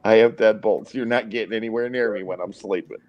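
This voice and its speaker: A man's voice: lowish voice, steady tone, quick pace, darkish tone, muffled recording, slight background noise. A man on a casual stream, teasing and provoking his friends and laughing at his own jokes. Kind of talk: casual banter.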